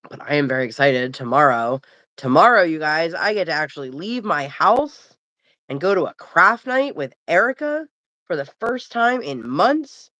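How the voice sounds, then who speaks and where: Sleepy, chatty low-voiced woman streaming. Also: expressive, normal speed, pushed and bright, no echo. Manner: rambling, chatty, yawning, self-deprecating. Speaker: livestream host. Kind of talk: casual live stream chat. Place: at home. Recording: dull, dry home mic.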